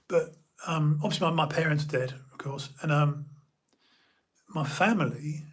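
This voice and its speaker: A young man from the UK, streaming an emotional personal monologue, halting and repeating his words as he talks. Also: fairly high pitch, slightly rough.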